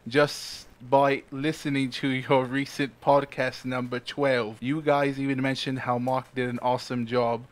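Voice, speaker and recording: Man co-host reading an email aloud, mid-pitch, casual, laughs, stumbles. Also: little pitch movement, measured pace, hardly any pauses. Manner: reads aloud with laughs and restarts. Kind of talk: casual podcast chat.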